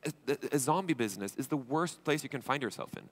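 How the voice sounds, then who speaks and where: A man from Sweden speaks from a conference stage at a brisk, rapid clip, his pitch sitting in an ordinary middle range. He keeps it informal and blunt, acting out quick exchanges and tossing in swearing asides. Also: animated. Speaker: conference speaker, entrepreneur and investor. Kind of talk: conference keynote talk.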